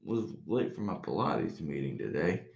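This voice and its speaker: A man's voice: sits low, sing-song, moderate pace, vocal fry, a little mellow, echoey room, voice pushed down, heavily acted. A man doing a rambling confused old president. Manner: drifting nonsense non sequiturs.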